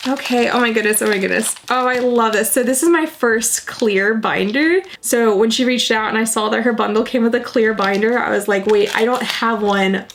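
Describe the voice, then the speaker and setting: A woman's voice: a little high, brisk, few pauses, slight background noise. A young woman vlogging casually to camera, bubbly and gushing as she talks budgets and unboxes a package.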